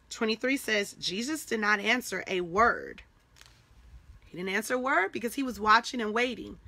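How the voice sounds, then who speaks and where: A woman's voice: medium pitch, sharp tone, no echo. A woman leading a devotional Bible study, conversational and encouraging, often stopping to check in with an "okay?" and restarting her phrases as she thinks aloud.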